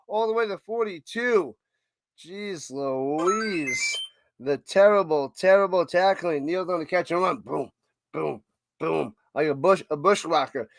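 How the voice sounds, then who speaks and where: A man with a New York accent calls a football game play by play, then chats with his viewers in between. His voice sits a bit high and gets excitable on big plays. The sound is close and dry, with no room echo. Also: gravelly. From United States. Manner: excitable, chatty, reads live chat between plays. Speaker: livestream watch-party host doing play-by-play. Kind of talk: casual play-by-play commentary and chat.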